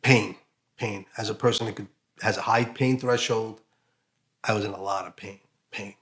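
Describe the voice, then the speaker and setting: A man with a fairly low voice tells his own story in an interview. His speech is halting and emotional, broken by fillers and restarts. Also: fairly even intonation, fairly bright tone. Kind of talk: emotional personal testimony.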